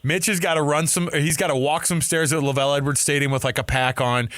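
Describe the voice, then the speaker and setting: A man's voice: on the high side, fairly even intonation, a little fast, fairly bright tone, no room sound. A man hosting a radio sports show, chatting casually and joking with his co-host. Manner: joking, laughs often. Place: radio studio.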